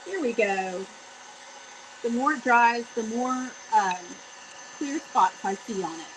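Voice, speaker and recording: A woman hosting a live craft stream, chatty and excitable, talking straight to her viewers. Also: a little high, takes it slowly, noisy background. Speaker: DIY craft host.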